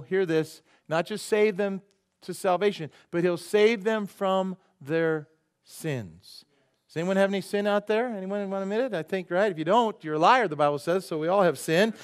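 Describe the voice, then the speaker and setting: High-voiced male pastor preaching. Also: clean tone. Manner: chatty, asks the crowd "how many know", preaches then prays softly. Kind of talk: sermon. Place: church service.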